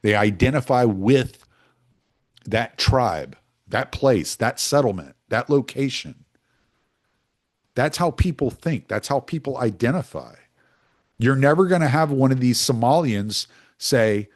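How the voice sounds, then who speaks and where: Podcast host, American man, loose rambling monologue, animated pitch, opinionated delivery. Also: a little slow. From United States. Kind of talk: casual monologue.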